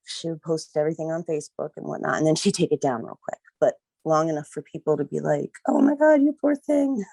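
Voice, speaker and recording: A woman's voice: low voice, level tone, quick pace, vocal fry, a little mellow, no echo, rough recording. A middle-aged woman recalling events as a guest, rambling and leaning on "like" and "you know". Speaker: guest, mother of a missing daughter. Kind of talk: emotional personal recollection.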